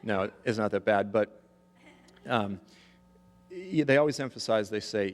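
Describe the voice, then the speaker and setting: This preacher and author, a man in his thirties or forties, speaks at a fairly low pitch, unhurried and pausing often. His sermon is emphatic, he keeps checking for the audience's agreement, and the large hall gives a long reverb.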